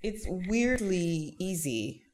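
A woman's voice: lowish voice, sing-song, slow, darkish tone, slight background noise. A woman, a stage actor, talking casually and wryly in an interview. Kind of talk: interview conversation.

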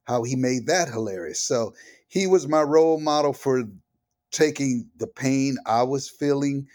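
An older man, a comedian guest on an interview, telling personal stories in a lively, animated way and acting out the voices of the people in them. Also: mid-range voice, unhurried. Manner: vivid storyteller who acts out the voices in his stories.

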